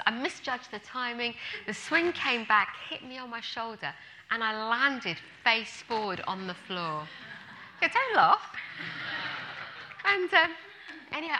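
A woman preacher giving a sermon, telling a funny story with animated, self-mocking delivery. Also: fairly high pitch, slight background noise. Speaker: guest speaker.

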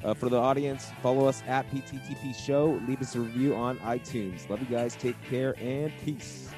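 A man's voice: medium pitch, steady tone, moderate pace. Brief: easygoing male host, music beneath, rambling casual reads. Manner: laid-back, filler-heavy, says "man" a lot. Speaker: podcast co-host. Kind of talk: casual chat.

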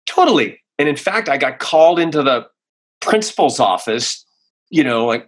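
A man, a voice actor, chatting in an interview and telling animated stories, slipping into voices as he goes. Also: fairly high pitch, moderate pace, slightly rough. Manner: animated storyteller, slips into voices and impressions. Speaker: voice actor guest. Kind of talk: casual interview chat.

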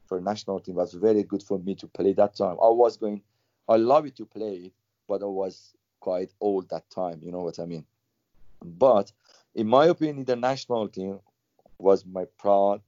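Speaking haltingly and with non-native phrasing, this Iranian former footballer repeats words as he recounts stories during an interview. His voice is low, older, and dark in tone. The audio has a dull, lo-fi quality and no echo.

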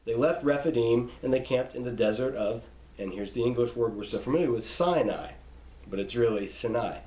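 Man, teacher, measured reading, spells out names, echoey room. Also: mid-range voice, fairly even intonation, mellow. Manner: reads name lists slowly, pausing to spell out pronunciations. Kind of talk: instructional reading of scripture.

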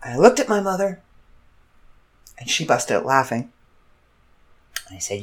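Animated woman, slow laughing storyteller. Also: a bass voice. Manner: animated, laughs through her story, quotes others in shifting voices. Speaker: vlogger. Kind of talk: casual storytelling.

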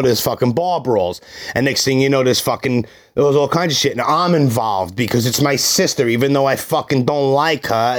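A man, telling his life story in blunt, profane, rambling casual talk. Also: mid-range voice. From Brooklyn, New York.

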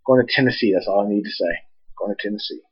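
A man's voice: lowish voice, fast talker, husky, muffled recording. A man co-hosting a podcast, chatting casually and trading teasing jokes. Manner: joking, teasing banter. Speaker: podcast co-host. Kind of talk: casual chat.

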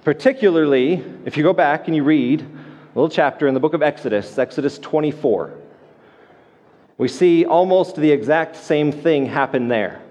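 A pastor preaching a sermon in a conversational way, often restarting and repeating words. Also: male voice, on the high side, normal speed, a little mellow, big-room sound. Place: church sanctuary.

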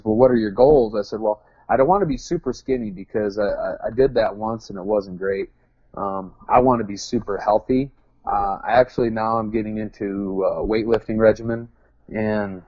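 Guy w a lowish voice just rambling along, cracks jokes on himself, dry dull sound. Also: no echo. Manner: rambling, self-deprecating, joking. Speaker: guest. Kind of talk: casual interview chat.

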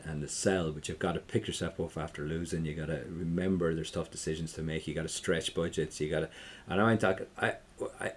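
A middle-aged Irish man, a tech entrepreneur, chatting in an interview, rambling with many restarts and trailing off quietly. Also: sits low, husky. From Ireland. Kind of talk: casual interview chat.

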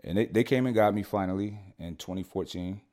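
A man with a low, deep voice tells a story on a podcast. His talk is loose, slangy and full of swearing, and he keeps checking in with his listeners. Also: a little fast, mellow. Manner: slangy and profane, keeps saying "you know what I'm saying". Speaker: podcast guest. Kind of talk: casual storytelling.

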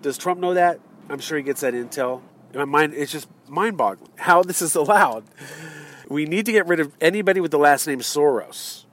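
A man's voice: a little high, moderate pace, fairly bright tone. Man ranting from his car. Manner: heated, rambling, with many fillers and restarts. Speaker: vlogger. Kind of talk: ranting political monologue. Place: in a car in traffic.

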